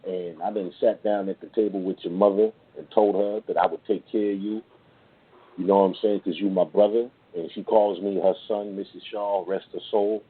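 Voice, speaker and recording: A man's voice: on the low side, steady tone, moderate pace, husky. Middle-aged man telling stories over a tinny line. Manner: loose street slang with frequent "man" and "you know what I'm saying". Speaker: interview guest. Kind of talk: casual storytelling in an interview. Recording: tinny phone-like sound with faint noise.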